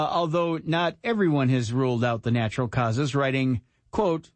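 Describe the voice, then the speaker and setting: A man's voice: mid-range voice, moderate pace, few pauses, dry recording. Wry male radio co-host reading news. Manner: wry, reads quotes in snarky voices.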